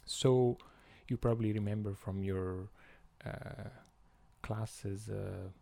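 A man with an Italian accent, Italian his first language, hosting an educational podcast and explaining slowly with many pauses and fillers. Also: on the low side, steady tone, gravelly, mellow, dry recording. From Italy. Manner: slow and hesitant, many fillers. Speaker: podcast host.

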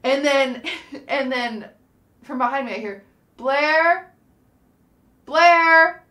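A young woman co-hosts a podcast and tells a story in a lively, animated way, acting out every quoted line. Her voice sits a little high. The room adds a clear echo. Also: measured pace. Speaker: podcast co-host. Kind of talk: casual storytelling chat. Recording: roomy, echoey sound.

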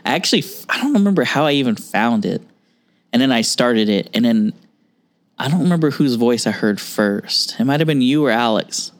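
Animated, jokey male podcast host. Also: medium pitch, brisk. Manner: enthusiastic, jokey, swears often. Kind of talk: casual podcast chat.

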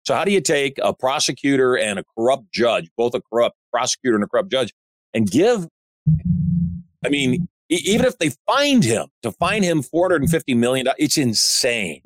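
A man's voice: mid-range voice, big pitch swings, normal speed, no room sound. Blunt, opinionated male podcast host. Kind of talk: casual interview chat.

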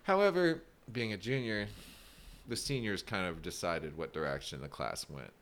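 Low-voiced young man telling rambling stories. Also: moderate pace. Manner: rambling, animated, laughs often, many "like" fillers. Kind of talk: casual storytelling chat.

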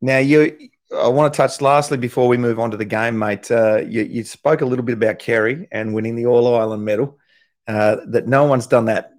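A man's voice: medium pitch, fairly even intonation, a little fast, a little mellow. A man hosting a casual interview in a matey, chatty way. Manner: matey, chatty, says "mate" often. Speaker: host.

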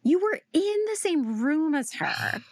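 A woman's voice: sits high, very animated, no echo, clean studio sound. A woman co-hosting a podcast in casual chat, teasing her co-host and laughing often. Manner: teasing, laughs often, quick back-and-forth.

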